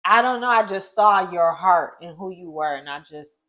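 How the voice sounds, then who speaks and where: A young woman shares a personal story in a relaxed chat with her partner. Her delivery is emotional, jumping sharply up in pitch when she exclaims. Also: normal speed, hardly any pauses, poor audio. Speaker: co-host. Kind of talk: casual couple storytelling.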